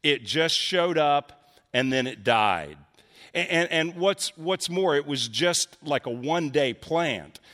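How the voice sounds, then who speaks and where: A man's voice: a little high, expressive, slow, a bit bright, in a large hall. A man preaching a sermon in an earnest way, acting out questions with rising emphasis. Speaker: pastor.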